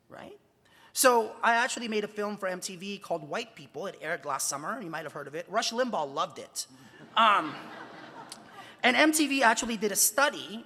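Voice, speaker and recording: A man with a bright, forceful voice addresses a room of students. He fires off rhetorical questions with real emphasis. The sound carries a long hall reverb. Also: sits high, husky. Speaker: journalist giving a talk. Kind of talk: conference talk to students. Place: large convention hall.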